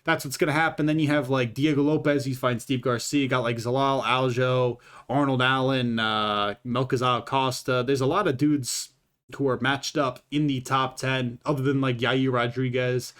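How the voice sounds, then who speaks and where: Solo commentator, man, loose and profane, mid-pitched voice, chatty and unscripted. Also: steady tone, moderate pace, a bit bright. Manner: profane and rambling, with many fillers. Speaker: YouTube fight commentator. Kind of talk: casual commentary.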